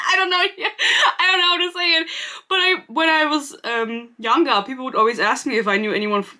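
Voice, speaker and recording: Speaking to camera for her booktube channel, this young woman from Germany talks in a German accent at a medium pitch, her voice pushed and bright. The chat is casual and rambling, full of self-interruptions.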